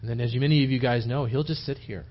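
This is a lay preacher's conversational Bible-study sermon in church, captured on a dull lo-fi tape. He has a mid-range voice and talks fast, wandering as he goes, restarting sentences and acting out quotations.

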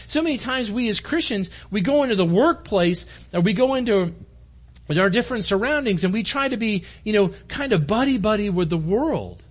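Male pastor, high lively delivery, earnest and direct with the congregation. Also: moderate pace, slightly rough. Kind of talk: conversational sermon. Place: church room.

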